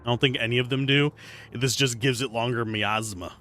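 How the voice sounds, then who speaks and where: A man's voice: medium pitch, steady tone, brisk, sharp tone, a little hiss or hum. A man casually commentating while he plays a video game on a livestream, chatty and playful as he thinks aloud. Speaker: streamer playing a video game.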